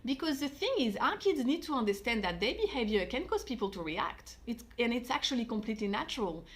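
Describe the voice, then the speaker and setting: A woman's voice: on the high side, big pitch swings, a little fast, a bit bright. A woman hosting a parenting vlog, talking through her views in a thoughtful, conversational way with frequent fillers. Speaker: parenting channel host. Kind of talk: reflective commentary vlog.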